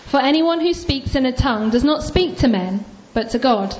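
A woman reads scripture aloud at an even, measured pace, her voice on the higher side. The sound is dull and lo-fi, as if taken from a church recording. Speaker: scripture reader.

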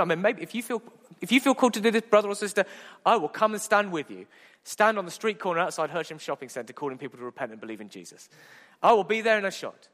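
A man preaching a sermon as pastor, lively and humorous, asking the congregation rhetorical questions. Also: high voice, quick pace. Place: church. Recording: echoey church hall.

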